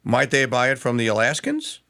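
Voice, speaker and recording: A man's voice: medium pitch, huge pitch swings, moderate pace, gravelly, sharp tone. A man hosting a political talk show, giving opinionated commentary with sarcastic asides. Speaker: radio show host.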